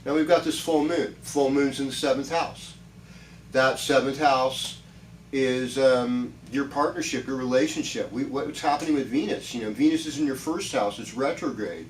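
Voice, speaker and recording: A man's voice: mid-range voice, normal speed, echoey room, distant mic, a little hiss or hum, rough recording. A man giving a chatty, reassuring weekly horoscope talk, rambling with many restarts. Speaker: astrologer.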